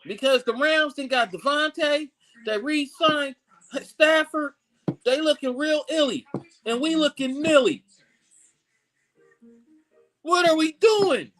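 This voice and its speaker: Frustrated Bay man ranting slowly. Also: rough recording. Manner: frustrated ranting, swings loud and high. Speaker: show co-host. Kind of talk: casual sports rant.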